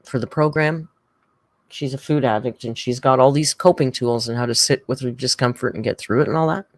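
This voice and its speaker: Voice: mid-range voice, a little fast, no echo. A livestream host in casual reaction chat, rambling and chatty, reading out viewer comments.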